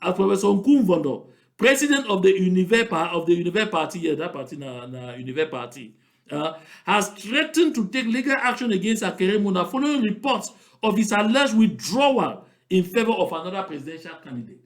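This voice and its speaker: A man's voice: sits high, lively intonation, fairly quick, echoey room. A man speaking Cameroonian Pidgin English, giving mocking, emphatic political commentary and repeating points for stress.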